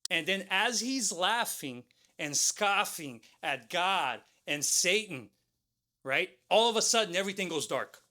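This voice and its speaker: A man co-hosting a talk show tells a motivational story in a high-sitting voice with a sharp tone. He keeps tacking "right?" and "okay?" onto his lines.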